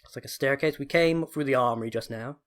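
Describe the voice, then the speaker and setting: A man's voice: medium pitch, fast talker, a bit bright. A man giving chatty, enthusiastic gameplay commentary, often correcting himself. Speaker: let's play host.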